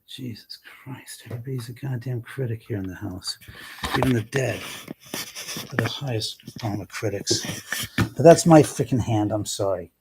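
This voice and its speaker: Guy on a live ghost stream in his house, mid-pitched, grumbling and swearing at the spirits, loud one sec then muttering under his breath. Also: moderate pace, noisy background. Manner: grumbling, cursing to himself, scolding unseen spirits; swings between sudden loud outbursts and whispered mutters. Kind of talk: live stream, casual chat. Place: indoors in his own house, moving between rooms and stairs.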